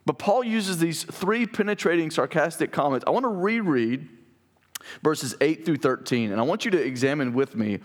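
Man, pastor, sermon, higher voice, lively pitch, conversational, asks the congregation questions. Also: moderate pace. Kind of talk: sermon with scripture reading.

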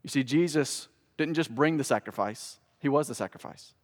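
A male pastor preaching a sermon in a church, emphatic and humorous, with dramatic pauses. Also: medium pitch. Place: church sanctuary. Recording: long church-hall reverb.

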